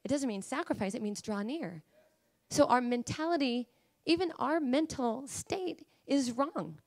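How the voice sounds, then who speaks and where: A woman preacher delivering a sermon, emphatic and pleading, at times rising to high fervent cries. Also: animated, measured pace, darkish tone.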